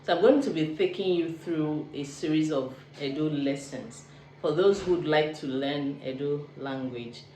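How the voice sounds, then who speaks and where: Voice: medium pitch, unhurried, dark tone, slight background noise. A language teacher giving a video lesson, explaining patiently and repeating each sound twice. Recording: roomy, distant mic with faint ambience.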